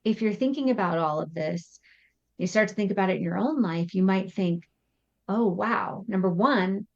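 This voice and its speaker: Woman psychotherapist guest, mid-pitched and animated, explaining with acted examples, slightly muffled remote audio. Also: fairly quick, gravelly. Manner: animated, acts out example thoughts in quotes. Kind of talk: explanatory podcast interview.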